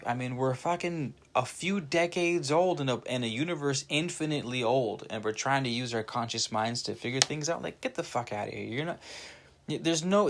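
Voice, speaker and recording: A young man hosting his own channel, speaking an informal monologue to camera. He is animated, swears freely and often restarts his sentences. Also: mid-range voice. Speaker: channel host. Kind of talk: casual spoken monologue to camera.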